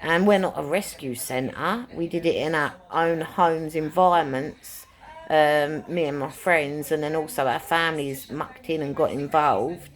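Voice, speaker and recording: A woman's voice: deep voice, measured pace. A woman chatting casually to camera, rambling and repeating phrases for emphasis as she talks about rescuing animals. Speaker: pet owner and animal rescuer.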